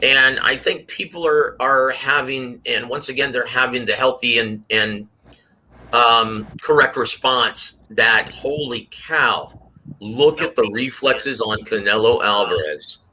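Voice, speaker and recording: A man giving his take on a boxing panel, telling stories and acting out quotes in a lively way. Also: mid-range voice, measured pace, slight background noise. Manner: animated storyteller, acts out quotes. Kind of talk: casual panel commentary.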